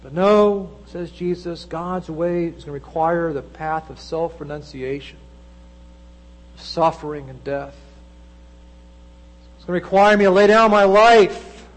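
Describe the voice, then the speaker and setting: A man preaching a sermon, with dramatic delivery that swings between loud emphasis and hushed low asides. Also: a little slow, long pauses, rough recording.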